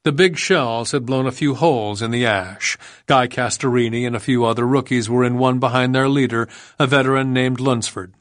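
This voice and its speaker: A male audiobook narrator reading in a measured, grave way. His pitch sits in the middle for a man. The sound is close and dry, with no room around it. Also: fairly even intonation, no room sound. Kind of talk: scripted narration.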